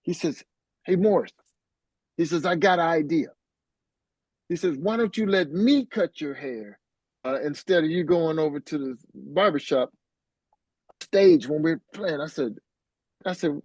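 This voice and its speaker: A middle-aged man, a musician being interviewed, telling a story in a casual, animated way and acting out what others said. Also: fairly high pitch, normal speed, no room sound, poor audio. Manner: animated, acts out quoted voices.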